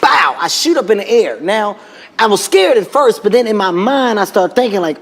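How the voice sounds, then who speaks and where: A man's voice: sits high, moderate pace. A man telling comic stories as a talk show guest, acting out the voices and laughing as he goes. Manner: animated, acts out voices, laughs mid-sentence. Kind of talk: comedic storytelling. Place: TV studio before an audience. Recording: reverberant studio with loud noise.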